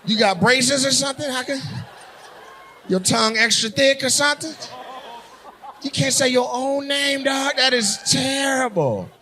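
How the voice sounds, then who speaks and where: A man doing stand-up crowd work on stage, loudly teasing and mocking audience members with banter. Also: very high-pitched, measured pace. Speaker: stand-up comedian. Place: comedy club stage. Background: audience laughter.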